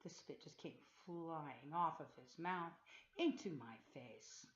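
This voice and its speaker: A woman giving an earnest, halting personal testimony to a webcam, with many pauses and fillers, recorded in a room of a group home on a loaner computer's built-in mic. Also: sits low. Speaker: former Jehovah's Witness telling her story. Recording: echoey room, dull lo-fi laptop mic.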